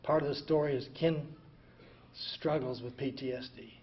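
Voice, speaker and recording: An older man telling his own recovery story in an emotional way, going from hushed to loud. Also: mid-range voice, normal speed. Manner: emotional, swings from quiet to loud and laughing. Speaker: veteran speaker sharing a recovery story. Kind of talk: personal storytelling talk. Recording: dull lo-fi recording, faint ambient noise.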